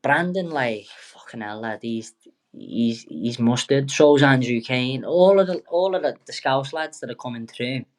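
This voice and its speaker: A man's voice: medium pitch, expressive, a little slow. A young man, a boxer guest telling rambling, sweary, jokey stories in a casual interview. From England.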